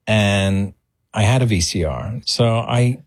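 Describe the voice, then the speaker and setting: A middle-aged man telling an animated anecdote on a podcast and acting out the voices in his story. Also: lowish voice, slow pace, no echo, clean studio sound.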